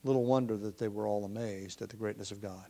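A man preaching a verse-by-verse Bible sermon in a conversational, thinking-aloud way, with frequent ums, restarts and throat clearing. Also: lowish voice, fairly even intonation, fast talker, mellow.

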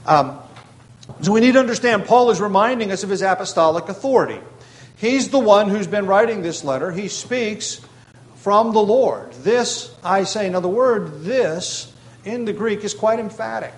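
A pastor delivering an expository Bible sermon, measured and explanatory, with emphatic rises and frequent "um" and "uh". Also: male voice, high voice, expressive, rough recording.

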